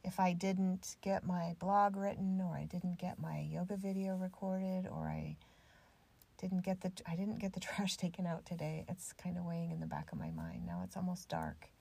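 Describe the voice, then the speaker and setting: A middle-aged woman hosting a solo podcast, chatty and self-deprecating, ending on gentle reassurance to the listener. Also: fairly low pitch, sing-song, moderate pace, vocal fry, breathy edge. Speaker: podcast host. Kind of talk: reflective solo podcast talk.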